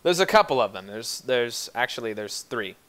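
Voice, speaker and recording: A man running a tabletop game in a bright, forward voice. He narrates casually, rambling a little with fillers as he builds the scene. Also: mid-range voice, animated, moderate pace. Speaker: game master.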